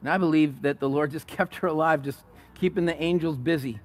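A male pastor delivering a sermon in a voice pitched a little high. He retells the story with animated energy, acting out the quotes and stumbling into restarts as he goes. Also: brisk.

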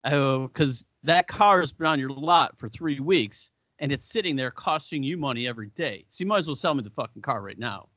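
A man's voice: medium pitch, a little fast, few pauses, no echo, muffled recording. A man co-hosting a podcast, telling stories in casual, profane chat and acting out the people in them. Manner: profane, animated storyteller who acts out quotes. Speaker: podcast co-host.

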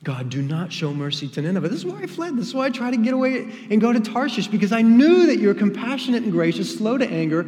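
A man's voice: fairly high pitch, animated, moderate pace, darkish tone, close to an everyday voice. A man voicing an indignant, resentful male prophet who protests to God in a heated way, heard with long hall reverb.

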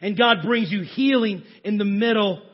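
Husky high-voiced man preaching. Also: moderate pace, dull audio. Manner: preaching with sudden swings from hushed to shouting. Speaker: pastor. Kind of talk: sermon.

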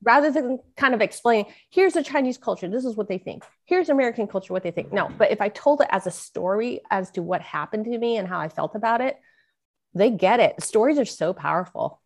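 A middle-aged woman, a guest author on a podcast, tells a personal story with earnest feeling. Her mid-range voice is expressive and a bit quick, and she acts out the voices of the people she quotes.

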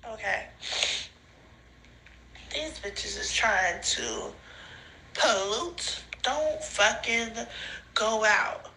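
A high, very bright woman's voice that swings up and down as she rambles into her phone. She drifts between giggles and tears, swears freely and keeps losing her thread. Her pace is slow and drawn out. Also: expressive, slight background noise, poor audio. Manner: giggly, crying and laughing, loses her train of thought, swears a lot. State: intoxicated, laughing and crying. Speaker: podcast host sending voice notes. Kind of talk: rambling voice notes to a friend. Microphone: phone voice memo.

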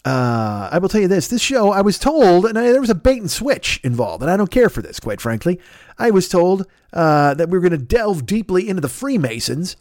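A man's voice: sits high, very animated, brisk, a little mellow, no room sound, clean studio sound. A man hosting a podcast, chatting casually and riffing on tangents with crude, jokey humor. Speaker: podcast host. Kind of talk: casual, rambling promo chat.

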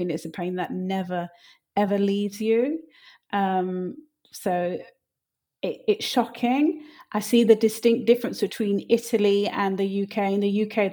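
A middle-aged woman co-hosting a podcast, earnest and measured in conversation. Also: medium pitch. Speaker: podcast co-host. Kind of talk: casual podcast chat.

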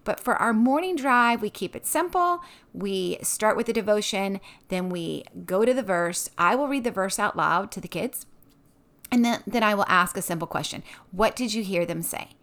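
Woman, mid-pitch, lively and friendly, casual mom sharing a family devotional routine. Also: normal speed. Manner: upbeat and expressive, laughs often. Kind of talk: casual tips talk.

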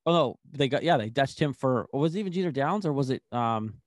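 A young man co-hosting a casual sports chat, excitable and rambling, full of "like". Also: mid-range voice, fairly quick, dry recording, clean studio sound. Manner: excitable, rambling, heavy use of "like". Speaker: sports podcast co-host.

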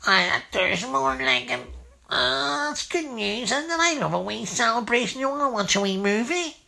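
A performer voicing a fussy, prudish childlike nephew, who talks slowly and repeats himself. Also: mid-range voice, very animated, gravelly, bright, forceful tone, exaggerated voice. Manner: slow, halting, repeats itself.

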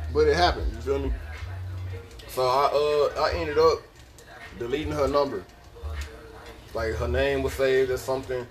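A man's voice: mid-range voice, fairly even intonation, moderate pace, long pauses, faint music behind. A young man, telling a podcast story in a casual, profane, laughing way. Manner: profane, laid-back, laughing asides. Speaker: podcast host.

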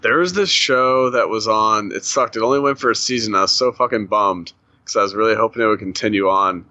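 A man's voice: lowish voice, a little fast, sharp tone, no room sound, lo-fi sound. A man in casual podcast chat, rambling through stories with lots of fillers and frequent laughs. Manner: rambling storyteller, many "like" fillers, laughs often.

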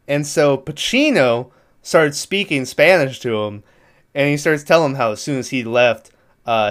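A man's voice: medium pitch, fairly bright tone, clean tone. A man casually recapping a movie plot in a rambling, profane way, laughing now and then. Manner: rambling, profane, laughs through his retelling.

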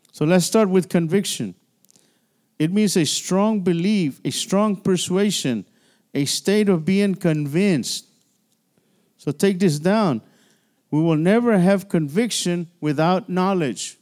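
Speaking slowly in a high, slightly mellow voice, a pastor gives a midweek sermon in a church sanctuary. He preaches conversationally, with many restarts and moments of call-and-response.

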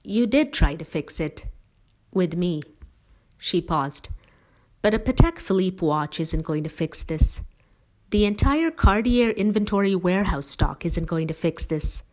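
A woman's voice: on the low side, lively intonation, measured pace. A woman reading as a firm, devoted mother. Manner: emphatic, persuasive, gently teasing. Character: firm devoted mother, middle-aged wife.

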